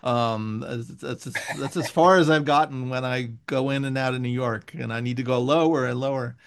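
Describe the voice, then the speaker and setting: A man from San Francisco in casual chat, animated and enthusiastic, often breaking into laughs. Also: mid-range voice, normal speed, vocal fry.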